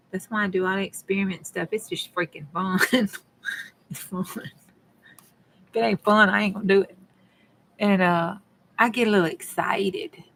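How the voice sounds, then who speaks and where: A woman's voice: medium pitch, sharp tone, slight background noise. Folksy woman chatting while crafting. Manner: chatty, folksy, talks to viewers. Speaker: craft vlogger. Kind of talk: casual chat while crafting.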